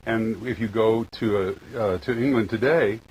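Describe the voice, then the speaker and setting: A middle-aged man, a linguistic anthropologist, explaining things in a news interview, quick to laugh. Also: fairly low pitch, a little mellow, husky, low-quality recording. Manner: explanatory, laughs easily, some restarts.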